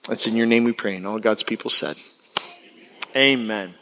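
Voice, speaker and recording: A young man from Florida preaching a sermon as pastor, animated and acting out the people he quotes. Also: fast, big-room sound. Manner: animated, acts out quotes with big pitch jumps. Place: church sanctuary.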